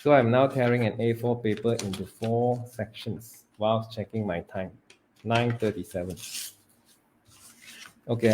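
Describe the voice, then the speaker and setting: A man, training students in public speaking, who swings between loud emphasis and hushed delivery and stretches words for effect. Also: on the low side, slight background noise. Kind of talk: live training talk.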